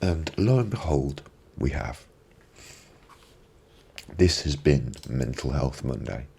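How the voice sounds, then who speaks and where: Live-stream host, male, very low and husky, reflective motivational talk with lots of repetition. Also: lively intonation, takes it slowly, darkish tone. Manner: reflective, repeats phrases for emphasis. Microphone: binaural microphone.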